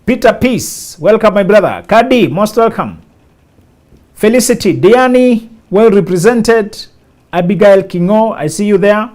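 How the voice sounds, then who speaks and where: Man, high voice, casual stream host, reads out viewer names. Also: animated, a little slow, a little mellow. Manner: greets viewers by name one after another. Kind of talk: casual live stream chat.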